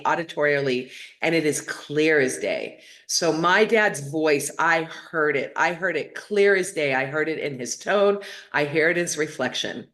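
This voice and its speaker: Low-voiced middle-aged woman, chatty rambly storytelling to her viewers, lots of um and you know. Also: a bit bright. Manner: chatty, rambling, with many fillers and restarts. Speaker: host of a spiritual talk show.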